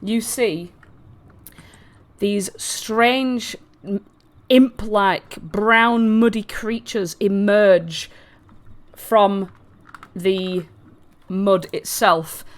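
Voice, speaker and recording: A woman's voice: mid-range voice, drawn-out words, pauses often. A woman running a tabletop fantasy game, narrating in a chatty way with many fillers and restarts. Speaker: dungeon master.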